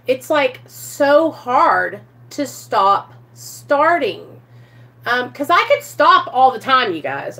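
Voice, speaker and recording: Young woman vlogger with a fairly high voice, confessional and emotional, frequent sighs. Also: fairly bright tone. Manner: emotional, teary, sighing often, talks straight to viewers. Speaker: vlogger sharing her recovery story. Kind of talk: casual confessional vlog. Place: at home.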